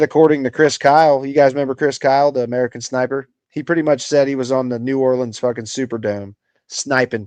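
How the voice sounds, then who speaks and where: A man's voice: mid-range voice, darkish tone, dry recording. A man hosting a political livestream, ranting in casual, profane, exasperated commentary full of "bro" and "dude.".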